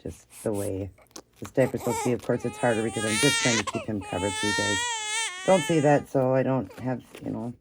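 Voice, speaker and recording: A woman vlogs while caring for a baby doll, chatting soothingly and repeating herself often. Her voice is a rumbling low and a little fast, and the recording is very noisy, with a baby crying loudly behind her.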